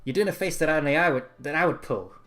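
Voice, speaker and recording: A man's voice: fairly high pitch, quick pace, a bit bright, pitched above the performer's own voice, lightly acted. A man voicing a small, cute male creature who is a vain, scheming salesman, talking in a boastful, wheedling way. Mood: suspicious.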